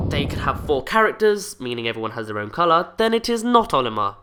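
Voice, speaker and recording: A man hosts a casual commentary video, running through fan theories in an animated way. His voice is bright and sharp, and his pitch jumps around a lot. He keeps dropping into mumbled, jokey asides. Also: fast talker, hardly any pauses, slight background noise. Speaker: video host.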